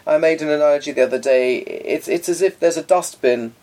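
A man's voice: fairly high pitch, a little fast, darkish tone. A man co-hosting a casual chat, talking in an articulate, pedantic, opinionated way. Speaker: podcast co-host.

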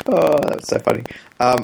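A man co-hosting a podcast, chatting casually with dry, deadpan humor. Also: medium pitch, vocal fry, a little hiss or hum, low-quality recording. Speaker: podcast co-host. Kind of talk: casual chat.

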